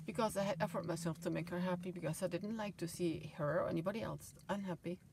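A middle-aged woman tells a rambling personal story, her voice sitting a little low. She swings between loud, heated bursts and soft asides. A faint hiss of noise sits under the recording. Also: fast. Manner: emotional, swings loud and soft, laughs often. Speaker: vlogger.

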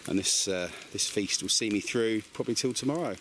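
A man's voice: lowish voice, fairly quick. A man chatting to camera at a rainy woodland camp at night, upbeat and self-mocking as he cooks over a fire. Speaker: vlogger. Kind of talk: casual chat to camera. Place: woodland campsite outdoors in rain at night. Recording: loud rain and crackling outdoors.

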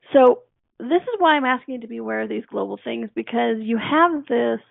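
A woman's voice: medium pitch, creaky, dry recording. A woman hosting a self-help radio show, talking in an earnest, coaching way and repeating her key phrases. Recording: dry tinny phone-like line.

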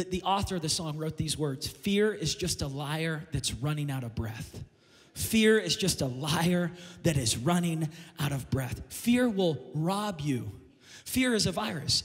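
A man preaching a sermon as pastor, impassioned and building to shouted climaxes. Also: a little high, lively intonation, unhurried. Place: church sanctuary. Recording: long reverb of a church hall.

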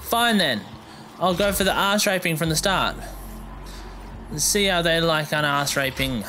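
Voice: medium pitch, unhurried, sharp tone, a little hiss or hum. A gamer giving let's play commentary, joking, swearing freely and talking back at the enemies on screen. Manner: joking, talks to the enemies and the game. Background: game music.

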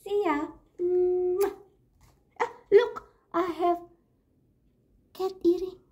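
A young woman reading a children's picture book aloud at story time, playful and animated, with gasps and giggles. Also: very high-pitched, extremely slow.

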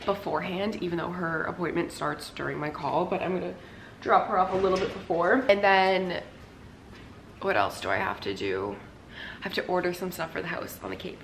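A woman's voice: on the low side, a bit bright. A young adult woman chatting casually to camera at home for her vlog, rambling and peppering her talk with "like". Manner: chatty and rambling, heavy use of "like". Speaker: lifestyle vlogger. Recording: roomy echo with faint noise.

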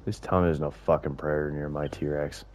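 A man giving live gameplay commentary, muttering and swearing to himself, with loud frustrated outbursts. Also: extremely low pitch, flat delivery, fairly quick, slight background noise. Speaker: gaming video host.

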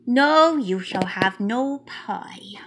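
A woman's voice: mid-range voice, animated, very slow, fairly bright tone, slight background noise, voice pushed down, heavily acted. A woman voicing a stern mother cat who scolds her kittens in a storybook reading.

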